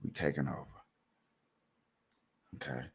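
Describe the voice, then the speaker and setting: A man's voice: measured pace, a little hiss or hum. A man hosting a casual, joking commentary show, laughing and riffing. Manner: animated, joking, laughing often. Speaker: host.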